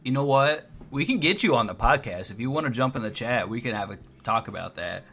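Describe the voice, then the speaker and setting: A man's voice: medium pitch, lively intonation, a little fast, bright, forceful tone, a little hiss or hum. A man hosting a casual podcast from his computer, laid-back and swearing a lot, laughing often. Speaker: podcast host. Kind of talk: casual stoned podcast chat.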